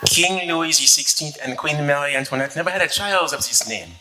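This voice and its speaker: Here the same kind of role, a vain, flirting French aristocrat of the 1700s who is both swordsman and composer, comes through a slightly high, slightly quick voice with a bright, forceful tone and a fake French accent. It's a comedy sketch on stage, delivered with pompous, theatrical bragging over a low-quality recording.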